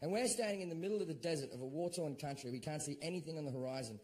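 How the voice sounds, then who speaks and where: A middle-aged Australian man doing stand-up, telling a story in a profane, animated way and shouting out his own quoted lines. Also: fairly high pitch, rapid-fire. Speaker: stand-up comedian.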